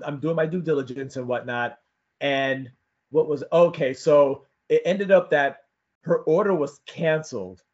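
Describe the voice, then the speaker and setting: A man co-hosting a podcast in casual chat, relaxed and hesitant with fillers. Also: medium pitch. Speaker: podcast co-host. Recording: dull lo-fi audio.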